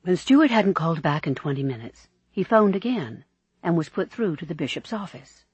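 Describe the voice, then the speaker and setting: A man reading an audiobook aloud in an expressive, measured storytelling manner, in a dry, slightly dull recording. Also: fairly high pitch, husky, no echo. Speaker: audiobook narrator. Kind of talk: scripted narration.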